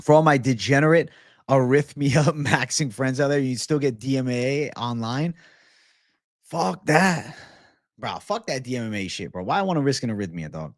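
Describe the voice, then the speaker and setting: A young man hosts a loose, profane livestream and answers his chat directly. He fills his talk with "bro" and curse words. His voice sits at a middle pitch and sounds close and dry, with no room echo. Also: expressive, normal speed. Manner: reads chat comments aloud and replies. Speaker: livestream host. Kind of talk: casual livestream chat with viewers.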